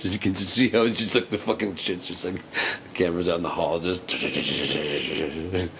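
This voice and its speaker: A man's voice: sits low, fairly even intonation, a little slow, a bit bright, slight background noise. A man giving casual reaction commentary on a video, rambling, giggling and swearing, with music playing in the background.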